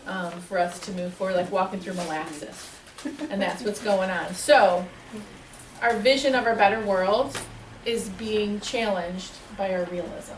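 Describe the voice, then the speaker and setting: A woman speaks to a small audience with an animated, chatty delivery and frequent laughter. Her voice sits at a middle pitch. It is heard from some distance in an echoey room with a faint hiss behind it. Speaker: spiritual teacher. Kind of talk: lively talk to a live audience.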